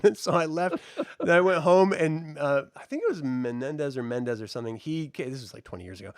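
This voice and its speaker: A middle-aged man in casual podcast chat, telling stories in a profane, animated way with frequent laughs. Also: fairly high pitch, a little fast, clear, resonant tone, no room sound, clean studio sound. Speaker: co-host reviewing a baking show.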